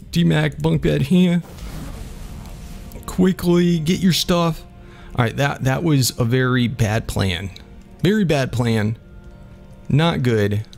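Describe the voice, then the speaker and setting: A man casually commenting on his own gameplay as a channel host, excitable and chatty, talking himself through each move. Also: medium pitch, gravelly, a little hiss or hum. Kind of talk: let's-play commentary.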